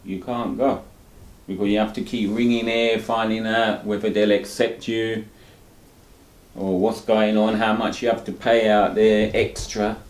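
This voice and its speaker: A man's voice: fairly low pitch, flat delivery, unhurried. A man talking candidly in an interview. He rambles and tags his lines with "you know," often with rueful laughter. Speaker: interviewee, dialysis patient. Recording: roomy echo.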